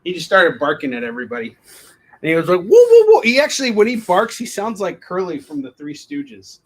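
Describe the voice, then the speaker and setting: A man's voice: fairly high pitch, sing-song, a little fast, fairly bright tone. A man, a comic book artist, rambling and joking through a casual livestream Q&A. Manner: joking, rambling, laughs often. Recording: distant mic, faint background noise.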